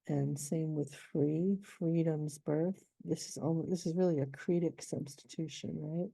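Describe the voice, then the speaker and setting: Woman poet, low voice, dark mellow tone, measured teaching manner. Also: steady tone, gravelly, husky, no echo. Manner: thoughtful, measured, with slow chanted poem reading. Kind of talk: reading a poem and explaining its scansion.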